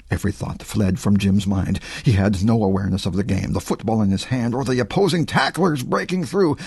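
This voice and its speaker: A man, the author, narrating his own suspense audiobook with dramatic, expressive delivery. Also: fairly low pitch, creaky, slightly rough, dry recording, studio quality. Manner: expressive, voices characters.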